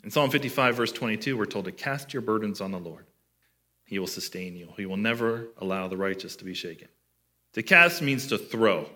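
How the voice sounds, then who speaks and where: A man delivering a sermon to his church in a bright, forward voice. He talks in a conversational way and often puts questions to his listeners. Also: fairly low pitch, animated, a little fast. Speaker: pastor.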